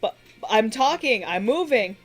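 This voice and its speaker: A woman's voice: on the high side, lively intonation, measured pace, soft background music. A woman voicing a frightened young man who has just been brought back from the dead, stammering and tearful. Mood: shocked. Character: young man, frightened newly revived corpse.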